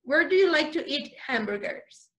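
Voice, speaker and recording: A woman teaching English vocabulary to young children over a video call, spelling words slowly and switching into to explain. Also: sits high, lively intonation, a bit bright. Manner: slow, exaggerated spelling and repetition, switching to Spanish explanations. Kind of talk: online class for young children.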